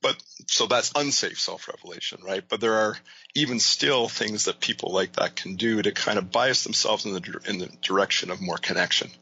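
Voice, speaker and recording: Brief: male interview guest, very low voice, bright and husky, thoughtful explainer, dull lo-fi sound. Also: fairly quick. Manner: thoughtful, explanatory, with many "you know" and "right?". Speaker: guest, leadership author and coach. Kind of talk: casual interview talk.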